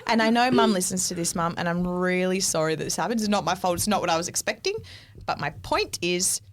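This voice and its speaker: A woman co-hosting a podcast, telling a story in casual chat, animated and swearing freely. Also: fairly low pitch, quick pace. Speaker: podcast co-host.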